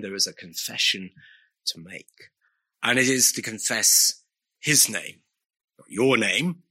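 A man's voice: mid-range voice, pushed and bright. A man preaching a sermon, pressing his listeners with earnest, pleading rhetorical questions.

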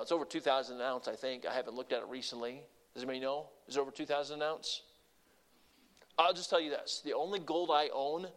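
A married man preaching a sermon in a conversational style, asking his congregation questions and shifting his loudness and pace for emphasis. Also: fairly high pitch. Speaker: pastor.

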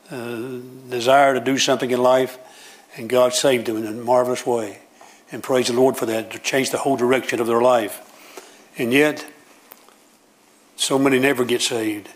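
A man's voice: medium pitch, low-quality recording. A middle-aged man preaching a sermon, telling a story in an earnest, conversational way as a pastor.

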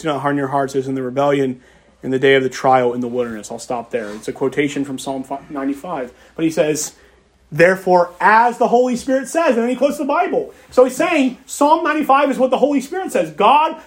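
A man with a fairly high voice preaching from the pulpit. He reads scripture aloud, then presses his point by repeating key phrases with emphasis. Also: a little fast. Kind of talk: expository sermon.

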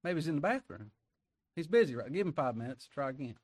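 A man's voice: a little high, sing-song, fast talker, a little mellow, dry recording. Man reading sarcastic old prophet, teasing and dry, close mic. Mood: mocking.

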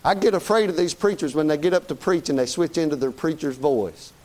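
A man's voice: on the high side, fairly quick, a little mellow. A man preaching a sermon in a folksy, conversational way, often asking "Amen?".

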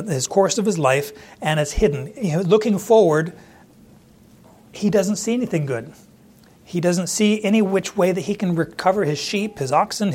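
A man's voice: a little high, a little mellow. A man teaching through a Bible passage verse by verse in a conversational way, acting out the quoted speakers as he goes. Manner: conversational, acts out quoted lines with restarts.

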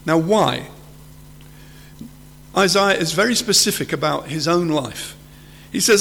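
A man with a high voice delivers an earnest sermon. He reaches even higher when he acts out a terrified figure. His words ring out with a long hall reverb behind them. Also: moderate pace, creaky, pauses often. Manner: earnest, rises high to act out quoted fear. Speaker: preacher.

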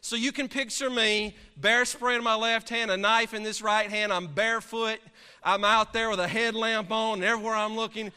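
A man, a pastor, preaching and telling a story from the pulpit in an animated, dramatic way, heard in a church sanctuary. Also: sits high, moderate pace, smooth. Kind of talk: sermon storytelling. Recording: long reverb of a large hall.

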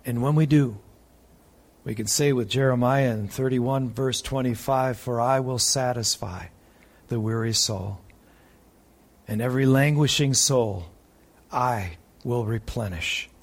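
A male pastor delivering a sermon at an unhurried, measured pace. He reads scripture aloud with emphatic pauses, his voice sitting in an ordinary middle register. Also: medium pitch.

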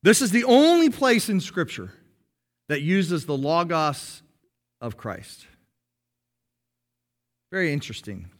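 Man, pastor, sermon, high voice, very animated pitch, emphatic. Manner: emphatic, slows down to stress key phrases; explains patiently to a congregation.

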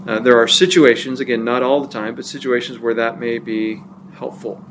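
A man teaching a church class in a relaxed, conversational way, with frequent fillers and restarts. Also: medium pitch, normal speed, background noise. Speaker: pastor or teacher.

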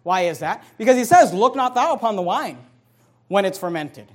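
A man preaching a fiery sermon, reading scripture slowly and swinging between loud bursts and low asides. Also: lively intonation. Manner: reads scripture slowly with emphasis. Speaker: pastor.

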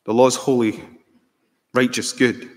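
A man's voice: medium pitch, flat delivery, unhurried. Preaching man in a reverberant church. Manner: earnest preaching with rhetorical questions. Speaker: pastor. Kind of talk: sermon.

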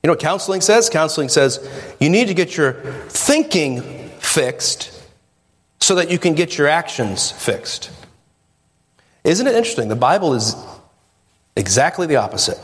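A man's voice: on the high side, very animated, normal speed, long pauses, fairly bright tone. A pastor preaching a sermon, firing rhetorical questions at his congregation. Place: church sanctuary. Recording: long reverb of a church hall.

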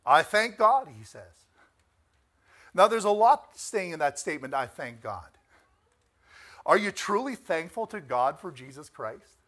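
A man preaching a sermon, emphatic and rising to near shouts on key points, asking the congregation for amens. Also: fairly high pitch, sing-song, a little slow, long pauses.

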